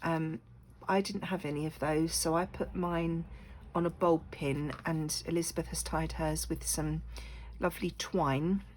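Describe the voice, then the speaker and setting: A woman's voice: low voice, fairly even intonation, unhurried, a little hiss or hum, low-quality recording. A woman recovering from a cough, chatting casually in her home craft room, apologetic, with many ums. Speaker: crafting vlogger. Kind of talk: casual chat.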